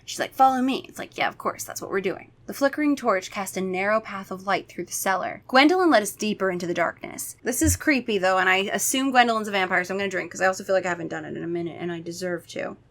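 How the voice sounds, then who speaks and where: A woman's voice: mid-range voice, quick pace, creaky, few pauses, fairly bright tone. A woman reading a children's horror book aloud for comedy, breaking off into sarcastic, swearing asides. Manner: sarcastic, swears, shifts between reading and riffing.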